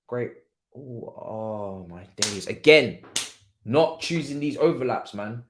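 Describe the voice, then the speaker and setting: A young man doing live football watchalong commentary, chatty and slangy, shouting at the players. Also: mid-range voice, expressive, takes it slowly. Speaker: watchalong streamer.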